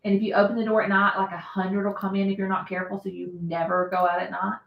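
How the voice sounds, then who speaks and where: A woman's voice: mid-range voice, level tone, fast talker, gravelly, dull audio. A woman hosting a casual live stream, chatting and laughing often as she answers viewer comments. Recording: roomy echo.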